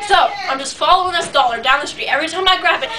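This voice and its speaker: A woman's voice: high-pitched, very fast. A woman improvising a silly comic story in a rambling, giggly, chatty way. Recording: distant mic, noisy home video.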